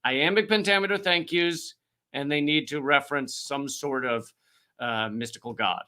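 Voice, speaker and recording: A man's voice: on the high side, normal speed, sharp tone, smooth. A man hosting a casual comedic livestream chat, sarcastic and swearing freely. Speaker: comedian and show host.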